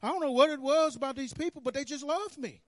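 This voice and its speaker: A man preaching a sermon, telling his own story with animated swings between hushed and loud. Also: very high voice, quick pace, no room sound, clean studio sound. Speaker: pastor. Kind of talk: sermon testimony. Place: church sanctuary.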